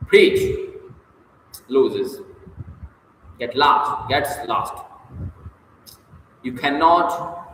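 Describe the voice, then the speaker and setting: A man's voice: mid-range voice, fairly bright tone. A man reading a textbook aloud in short, emphatic bursts, then answering its study questions off the cuff, sometimes hesitantly. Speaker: reader working through a textbook. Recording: very echoey room with long reverb, faint noise.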